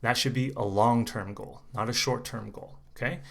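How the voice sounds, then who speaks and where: A man working as an English conversation coach, giving a relaxed, chatty, unedited pronunciation lesson to camera and repeating sounds slowly for learners. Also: medium pitch, vocal fry. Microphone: camera mic, unedited single take.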